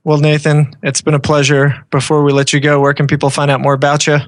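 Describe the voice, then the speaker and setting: A man co-hosting a podcast who keeps things loose and jokey, often cutting in with short quips. His voice sits at an ordinary middle pitch. The recording is dry and close. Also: completely flat delivery, no room sound. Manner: jokey, throws in quick interjections. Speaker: podcast co-host. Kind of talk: casual podcast chat.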